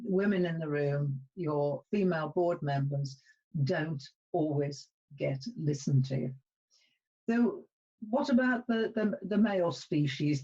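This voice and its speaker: A woman from the UK presenting a webinar on voice and speaking, with an animated, rising and falling delivery over a video call. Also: muffled recording. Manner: lively, animated, talks up and down in pitch.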